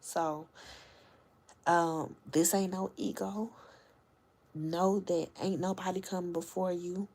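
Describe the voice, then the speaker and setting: Husky woman chatting on a late-night livestream. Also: on the low side, little pitch movement, takes it slowly, pauses often, darkish tone. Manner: chatty, slangy, often dropping to a whisper. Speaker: livestream host and reader. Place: home at night. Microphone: phone livestream.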